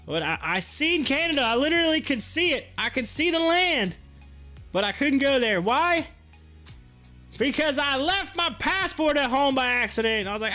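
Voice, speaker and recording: A man's voice: very high-pitched, lively intonation, moderate pace, pushed and bright, soft background music. A man hosting a live stream, rambling through casual stories and viewer comments and laughing often. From United States. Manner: rambling storyteller, laughs often, repeats himself.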